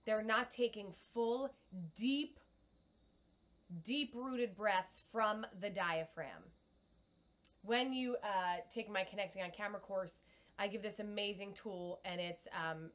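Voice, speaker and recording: A woman's voice: mid-range voice, slow, fairly bright tone. Middle-aged woman, coach leading a live webcam lesson, upbeat and encouraging. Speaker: communication coach.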